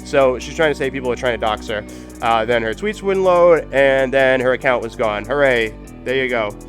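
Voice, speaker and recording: A man's voice: mid-range voice, moderate pace. Male streamer, casual commentary, blunt and sweary, faint music behind. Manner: blunt, profane and heated. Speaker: livestream host.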